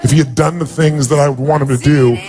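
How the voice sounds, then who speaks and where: Motivational speaker guy, kinda high voice, heartfelt emphatic storytelling. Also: steady tone, fast talker, over music. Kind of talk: personal storytelling talk.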